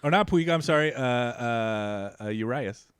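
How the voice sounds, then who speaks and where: Animated profane Californian podcast guy. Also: measured pace, smooth, no room sound, clean studio sound. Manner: loose and profane, voice jumps high when storytelling. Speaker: podcast co-host. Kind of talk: casual comedy podcast chat.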